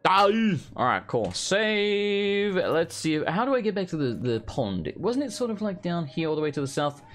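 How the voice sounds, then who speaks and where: A man hosting a let's play, casually commenting on his gameplay with jokes, swearing and loud outbursts. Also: high voice, big pitch swings, moderate pace. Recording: game music in background.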